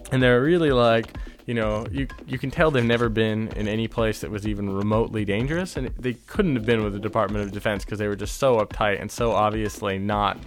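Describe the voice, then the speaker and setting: A man's voice: fairly low pitch, a little fast, few pauses, faint music behind. A man telling a travel story as an interview guest, rambling with many fillers and restarts. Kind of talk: casual anecdote telling.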